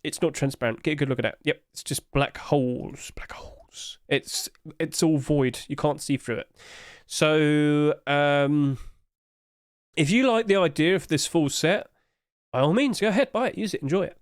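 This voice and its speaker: A man's voice: fairly high pitch, moderate pace, dry recording, studio quality. A man hosting casual commentary, chatty and hedging, with apologetic asides, recorded at home on a desk mic. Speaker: host.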